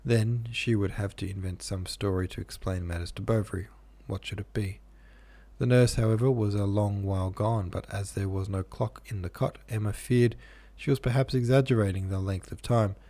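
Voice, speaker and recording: Low-voiced man reading a classic novel. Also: steady tone, moderate pace, dark tone. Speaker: audiobook narrator. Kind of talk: classic novel read aloud.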